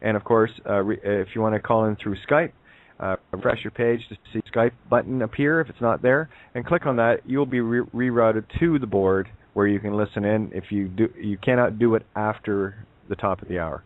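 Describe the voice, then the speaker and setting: A man's voice: lowish voice, moderate pace, no room sound. A man co-hosting a talk show, rambling and full of fillers in casual chat. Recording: tinny phone line.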